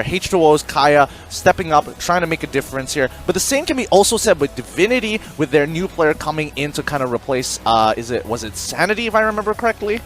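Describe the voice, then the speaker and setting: A man's voice: on the high side, quick pace, hardly any pauses, soft background music. A man casting an esports stream from the casters' table, bantering playfully and laughing often. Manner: animated, laughs a lot, playful. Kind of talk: casual esports commentary banter. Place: caster desk at an esports broadcast.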